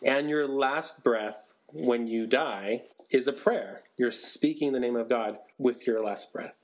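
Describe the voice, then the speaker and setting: A man's voice: mid-range voice, takes it slowly. A man co-hosting a podcast who explains ideas in a casual chat and keeps checking in with "right?". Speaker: podcast co-host.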